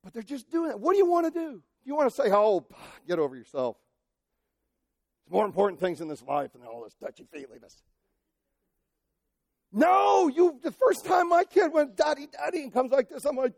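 Impassioned high-voiced male preacher. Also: dry recording, studio quality. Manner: impassioned, swings from shouting to quiet. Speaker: pastor. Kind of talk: sermon.

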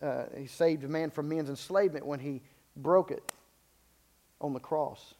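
A man's voice: a little high, unhurried, mellow. A man preaching a sermon in an unscripted way, stumbling and repeating words, then building to emphatic peaks.

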